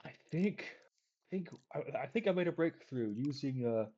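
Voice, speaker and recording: A man's voice: a little high, lively intonation, moderate pace, mellow. Man doing a stammering young researcher. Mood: eager. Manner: stammering, rambling. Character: nervous young male student researcher. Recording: dull lo-fi audio.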